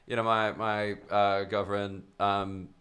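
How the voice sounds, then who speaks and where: A man's voice: on the low side, level tone, slow pace, a bit bright. A man with an Australian accent hosts a podcast, chatting in a blunt, laid-back and sweary way. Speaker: podcast host. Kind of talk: casual podcast chat.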